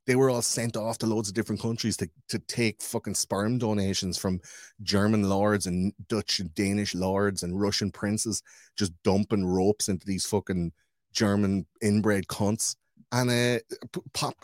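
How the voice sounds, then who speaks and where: Man, lowish voice, profane, rambling, animated podcast chat, dry close sound. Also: no room sound.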